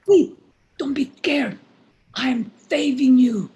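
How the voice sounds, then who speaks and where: A woman's voice: sits high, takes it slowly, warm tone, roomy sound. A woman playing a lisping masked man in a hurry. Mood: urgent whisper. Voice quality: lisp. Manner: urgent, pleading, often whispered. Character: limping lisping masked man, jumpy kidnapper. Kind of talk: live play reading over video call. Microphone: video call.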